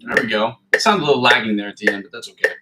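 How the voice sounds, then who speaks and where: A man's voice: medium pitch, very fast. A man streaming his guitar practice from a hot room at home, chatting casually, cursing freely and calling out tempos and scale positions. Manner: casual, self-deprecating, swears freely. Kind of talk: casual livestream practice talk. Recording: loud noise behind the voice.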